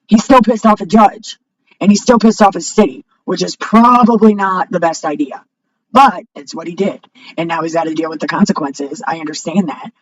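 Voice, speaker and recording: A woman video blogger ranting to camera at home, blunt and profane, sometimes rising to a shout. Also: lowish voice, breathy edge. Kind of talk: unscripted rant to camera. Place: home, with a cat nearby. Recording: dull lo-fi microphone.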